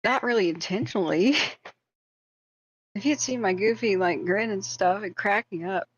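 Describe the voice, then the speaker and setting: A woman's voice: mid-range voice, normal speed, slight background noise. A woman host on a live stream, telling a long self-deprecating story in a rambling way with many fillers. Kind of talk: casual storytelling.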